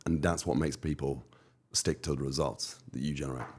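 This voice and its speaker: British entrepreneur guest, very deep voice, punchy motivational delivery. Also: male voice, fairly even intonation, fairly quick, breathy edge. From United Kingdom. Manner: emphatic, motivational, repeats phrases. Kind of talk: podcast interview.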